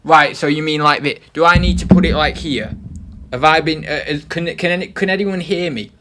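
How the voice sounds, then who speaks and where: A man's voice: fairly high pitch, fairly quick, pushed and bright, a little hiss or hum. Chatty young man. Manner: chatty, self-mocking, rambling. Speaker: livestream host. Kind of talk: casual livestream chat. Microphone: desktop microphone.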